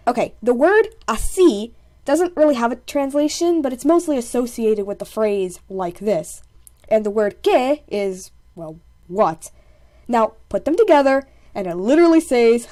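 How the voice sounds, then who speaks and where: A young woman narrating a casual story-time video in a chatty, animated way, full of jokey asides. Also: fairly high pitch, normal speed, dry recording, studio quality.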